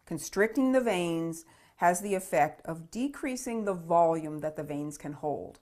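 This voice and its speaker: Woman, deep voice, lecturer, methodical, repeats key terms, asks "okay?". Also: lively intonation, unhurried, darkish tone. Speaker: physiology lecturer. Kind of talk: recorded lecture.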